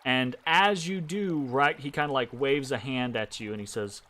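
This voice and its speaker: A man's voice: mid-range voice, moderate pace, sharp tone. A man narrating a tabletop game as game master, hesitant and full of ums and restarts.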